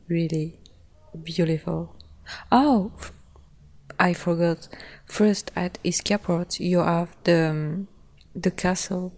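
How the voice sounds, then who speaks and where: A young woman hosting a podcast, casually recounting a trip in a relaxed, chatty way, often laughing between phrases. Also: lowish voice. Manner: loose, simple phrasing with frequent "like" and "yeah". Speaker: podcast host. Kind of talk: casual travel storytelling.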